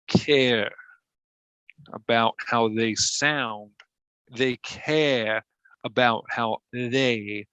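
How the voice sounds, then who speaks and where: A man doing an improvised impression of a crude, boastful Southern ex-president, drawling slow brags and rude insults in a Southern accent. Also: medium pitch, a bit bright, no room sound, muffled recording. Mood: scornful. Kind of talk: improv comedy.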